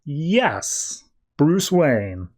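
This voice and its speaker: A man's voice: a little high, expressive, moderate pace, lightly acted. A man voicing a laid-back male superhero who has lost his memory and reacts with casual surprise. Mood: amused.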